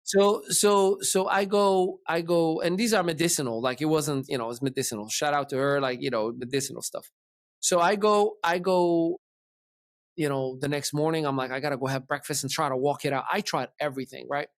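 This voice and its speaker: A man's voice: on the high side, a little fast, no echo, clean studio sound. A man hosting a podcast, casually telling a long story and acting out the voices of the people in it. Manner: animated, acts out dialogue in his retelling. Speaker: podcast host.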